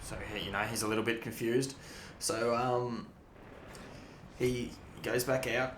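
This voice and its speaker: A man's voice: medium pitch, fairly even intonation, unhurried, slight background noise. A young man doing casual gameplay commentary, rambling through stories and swearing freely. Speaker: gaming YouTuber. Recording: echoey room, loud game gunfire. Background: loud game audio with gunfire.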